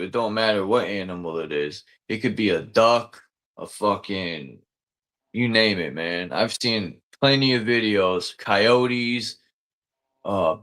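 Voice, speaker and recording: A man with a low voice talking in casual, rambling chat. He swears freely, trails off and restarts, and keeps an easygoing, conversational flow. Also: a bit bright. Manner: rambling, profane, loose and conversational.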